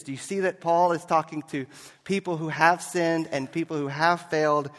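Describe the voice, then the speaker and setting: A man preaching a sermon as a pastor, telling a story and moving between loud and hushed delivery. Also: fairly high pitch, steady tone, moderate pace, in a large hall.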